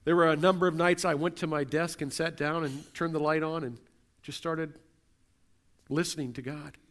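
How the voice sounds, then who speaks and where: Delivering a sermon, a middle-aged pastor speaks at normal speed in a slightly high, fairly bright voice with a steady tone. His earnest preaching builds as he asks one rhetorical question after another.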